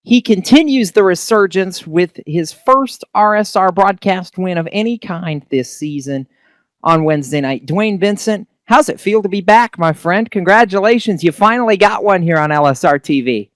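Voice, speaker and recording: A chatty man works victory lane on an online racing broadcast and asks long, friendly questions. His voice is smooth and clear, recorded close and dry. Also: high-pitched, expressive, normal speed, dry recording. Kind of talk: sim racing broadcast interview.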